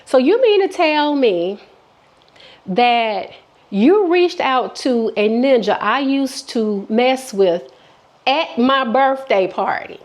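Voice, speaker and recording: A woman with a slightly high voice tells a personal storytime. She is candid and chatty, with plenty of restarts. She acts out the lines of the people in her story as she goes. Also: lively intonation, takes it slowly. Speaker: vlogger. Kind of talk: casual storytime.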